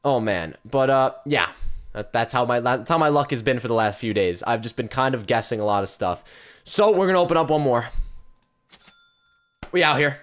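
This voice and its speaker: A young man streaming a video game and unboxing cases, excitable, swinging from hushed mumbling to loud yelps and repeating phrases in rapid strings. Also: mid-range voice. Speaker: gaming streamer. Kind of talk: live-stream case unboxing commentary.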